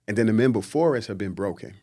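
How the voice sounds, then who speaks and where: A man, a guest on a podcast, talking in a lively, preachy way and mimicking people he quotes. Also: on the low side, fast, husky. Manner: animated, preachy, acts out quotes in mocking voices. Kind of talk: casual podcast conversation.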